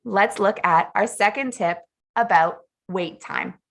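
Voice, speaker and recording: A woman teacher trainer giving an upbeat webinar presentation, clearly enunciating her instructions. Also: medium pitch, takes it slowly.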